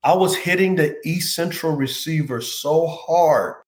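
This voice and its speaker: A man's voice: a little high, a little slow. A man, a former pro football player, earnestly recounting a personal story as an interview guest. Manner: earnest, heartfelt, reflective. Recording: roomy echo.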